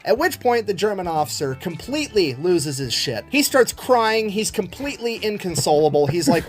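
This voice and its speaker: A man with a notably high voice narrates history as a comedic story. He is irreverent and sarcastic, swearing freely as he goes. Faint music sits under him. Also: big pitch swings, moderate pace, hardly any pauses.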